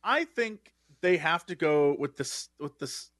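A man co-hosting a podcast, chatting casually about superhero casting. He is animated and often trails off and restarts mid-thought. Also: on the high side, measured pace, no echo, clean studio sound. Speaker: podcast co-host. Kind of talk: casual pop-culture chat.

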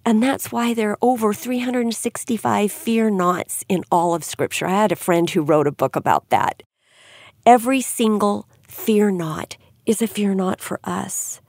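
Gravelly-edged woman teaching scripture. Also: medium pitch, measured pace, dry recording, clean studio sound. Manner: earnest, gently questioning listeners. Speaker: Bible teacher. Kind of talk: devotional podcast teaching.

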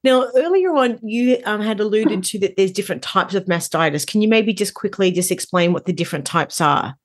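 A woman's voice: medium pitch, animated, a little fast. A woman hosting a podcast, asking friendly, encouraging questions. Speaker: podcast host. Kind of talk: interview questions.

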